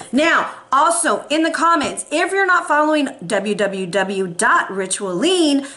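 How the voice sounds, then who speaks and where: A woman giving a casual, playful tarot reading to her viewers, chatting and giving shout-outs. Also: high voice. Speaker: tarot reader.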